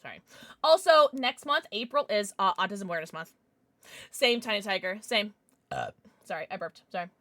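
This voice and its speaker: Young woman streamer, bright and forceful, dry close mic, passionate and profane chat-reader. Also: mid-range voice, lively intonation, normal speed, no room sound. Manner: passionate, swearing, reacting to chat. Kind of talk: casual chat with live chat.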